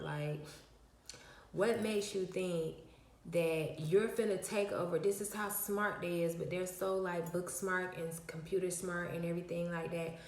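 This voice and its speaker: A woman's voice: on the low side, fairly even intonation, a little slow, reverberant. A woman vlogger telling a story to her viewers in a casual, emphatic, slangy way, with many fillers.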